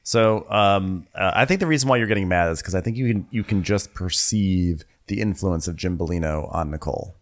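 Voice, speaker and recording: A man co-hosting a podcast, chatting casually and laughing often between quick asides. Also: sits low. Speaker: podcast co-host. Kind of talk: casual chat recapping a reality show.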